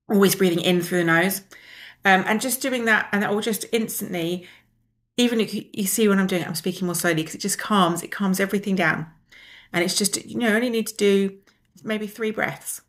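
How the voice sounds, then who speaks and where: Woman walking you through breathing exercises, calm and gentle, talks you through each step. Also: mid-range voice. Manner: calm, gently instructive, slows down to guide exercises. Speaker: wellness teacher. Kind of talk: guided breathing lesson.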